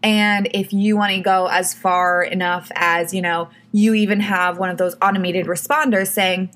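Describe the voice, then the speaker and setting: A woman's voice: medium pitch, fairly even intonation, normal speed, few pauses, a bit bright. A woman hosting her own podcast, giving casual advice in a chatty way, full of "like" and "you know". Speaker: podcast host.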